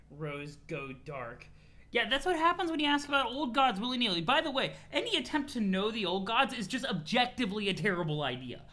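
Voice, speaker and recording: On a live stream, a young man with a high-sitting voice reads a webcomic aloud. He's excitable and swears, bouncing between hyped-up reactions and dramatic readings.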